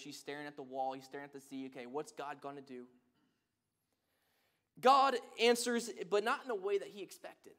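Guy preaching a sermon, earnest storyteller, fairly high voice. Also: fairly bright tone. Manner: earnest storytelling with scripture reading.

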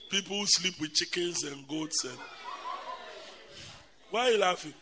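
A man, a bishop preaching a lively storytelling sermon at a church camp, who laughs often and talks straight to his audience. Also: sits high, unhurried, pauses often, slightly rough. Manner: animated, laughing often, addresses the audience directly.

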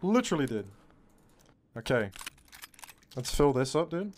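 A man streaming a shooter game, chatting casually to his viewers, excitable and swearing often, calling everyone bro. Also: a little high, measured pace, a little hiss or hum. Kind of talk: casual live-stream commentary.

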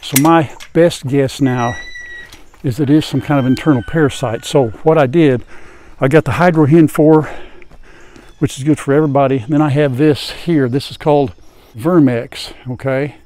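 Older man gently talking to his hens. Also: mid-range voice, fairly even intonation, normal speed. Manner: gentle, soothing talk to his hens, hushed at times. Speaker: farm vlogger. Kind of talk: casual farm vlog. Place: outdoors at a chicken coop. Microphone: lapel mic. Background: hens clucking, rooster.

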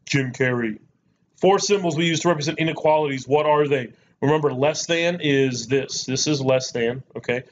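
A man's voice: a little high, brisk, hardly any pauses. A man teaching a math lesson in a chatty, joking way, repeating key points. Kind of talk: recorded lesson. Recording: dull lo-fi recording with faint noise.

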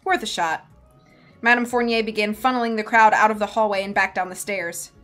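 A woman's voice: medium pitch, steady tone, fast, sharp tone, faint music behind. A woman live-streaming a book reading, narrating plainly and breaking off for chatty, giggly asides.

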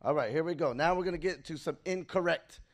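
A man preaching an excitable sermon in a church, pausing for a live interpreter and calling out to the congregation. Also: on the high side. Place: church sanctuary.

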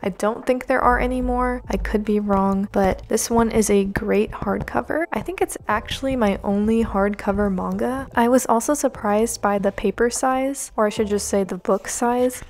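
A woman's voice: a little high, fairly even intonation, normal speed, hardly any pauses, a little mellow. A woman narrating a chatty voice-over for her own video, gushing with enthusiasm as she talks to her viewers. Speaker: manga vlogger. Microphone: home voice-over mic. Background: lo-fi background music.

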